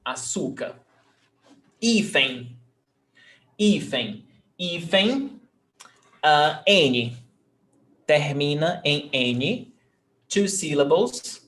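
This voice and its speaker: A Brazilian man gives a language lesson in English, a native Portuguese speaker whose pace is slow and deliberate. He explains each rule patiently and says every example word over again. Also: on the high side, fairly bright tone. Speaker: language teacher.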